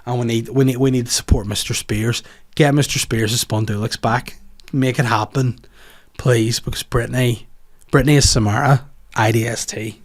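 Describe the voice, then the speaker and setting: A man with a Northern Irish accent runs his own comedy podcast, talking in a loose, rambling, animated way. He swears freely and riffs from one tangent to the next. His voice sits at an ordinary middle pitch. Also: normal speed. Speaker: podcast host. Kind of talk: casual comedic monologue.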